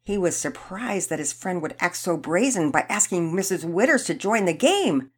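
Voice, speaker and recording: A woman host announcing contest winners and reading a children's story aloud clearly. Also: lowish voice, normal speed, hardly any pauses. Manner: clear and animated.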